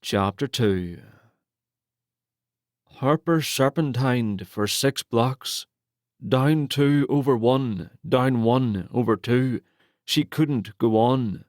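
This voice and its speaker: A man narrating a romance novel in a steady, measured storytelling manner on a close studio mic. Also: mid-range voice, dry recording. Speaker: audiobook narrator.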